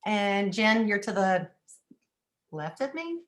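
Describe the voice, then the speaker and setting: Woman from Texas, easygoing chat, mid-pitched voice. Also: very animated, slow pace. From Northeast Texas. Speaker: panelist. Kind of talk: casual group call.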